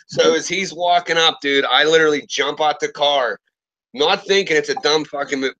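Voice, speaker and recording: Casting note: man in his thirties, bright edge, loose and profane storyteller. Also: on the high side, fairly quick, muffled recording. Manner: profane, animated storyteller with lively quoted voices. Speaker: streamer telling stories. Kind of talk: casual storytelling chat.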